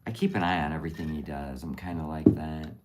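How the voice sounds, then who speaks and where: A woman's voice: very deep voice, fairly even intonation, fast, very noisy. A middle-aged woman hosting a casual livestream. She talks tenderly and openly emotionally, rambling and trailing off mid-sentence. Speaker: livestream host.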